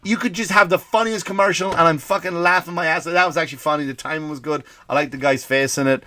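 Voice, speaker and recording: A man's voice: fairly high pitch, steady tone, quick pace, bright, forceful tone. Profane ranting male comedian. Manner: profane, combative, rhetorical questions. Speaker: comedian podcast host. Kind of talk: comedic rant.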